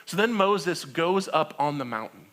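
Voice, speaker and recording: Casting: male pastor, 30s, storytelling sermon, bright voice, slightly high, chatty asides. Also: measured pace. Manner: animated storytelling, acting out quoted voices; conversational with frequent "right?" and laughs.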